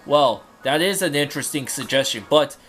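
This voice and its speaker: A man's voice: on the high side, animated, moderate pace, a bit bright. A man voicing a stern, proud young male prince who scolds his retainer, in a fan dub of game dialogue. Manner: scolding, formal, easily exasperated.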